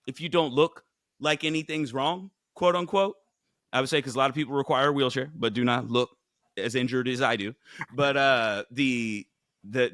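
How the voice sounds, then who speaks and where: A man's voice: mid-range voice, no room sound, studio quality. A male podcast host in casual chat, joking and swearing freely and acting out what people say. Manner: animated, profane, jokey, acts out quotes.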